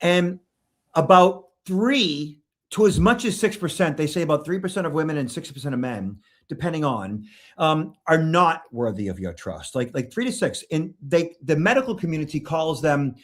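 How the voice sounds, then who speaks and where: A man's voice: fairly high pitch, sing-song, moderate pace. Blunt Boston-accented middle-aged man. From Boston, Massachusetts. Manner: blunt, emphatic, repeats "okay?". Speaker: guest, security expert. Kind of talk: interview answers.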